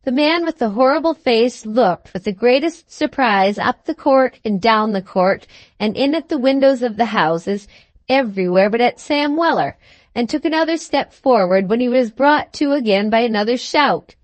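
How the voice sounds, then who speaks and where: A woman narrating a classic novel as an audiobook, measured and even. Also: fairly high pitch, no echo.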